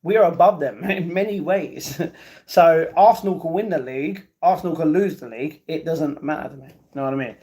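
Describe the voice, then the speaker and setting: A man's voice: fairly high pitch, fairly quick, mellow. A man hosting a live stream, casually reading out viewer comments and bantering back at them. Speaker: livestream host reading chat.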